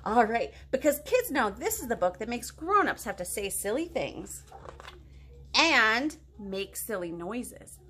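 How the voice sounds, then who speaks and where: A woman's voice: on the high side, very animated, a little slow, sharp tone, a little hiss or hum. A woman librarian leading a children's storytime, reading a silly book aloud with mock outrage and silly noises. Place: home, kids outside.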